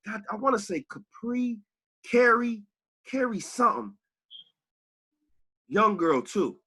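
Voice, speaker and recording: Male podcast co-host, bright husky voice, very lively pitch, heated and profane. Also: takes it slowly. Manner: animated, profane, rises to shouts when angry. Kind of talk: heated casual podcast talk.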